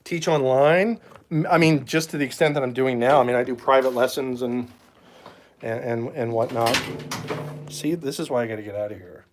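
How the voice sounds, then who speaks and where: A man's voice: mid-range voice, moderate pace, slight background noise. A man, a drum teacher, chatting casually on a live phone stream from a small cluttered drum shed, rambling and reading comments aloud. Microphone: phone mic.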